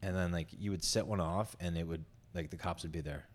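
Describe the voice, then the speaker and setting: A man's voice: low voice, fairly even intonation, brisk. A young man co-hosting a podcast, telling loose, profane stories and laughing often in casual chat. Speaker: podcast co-host.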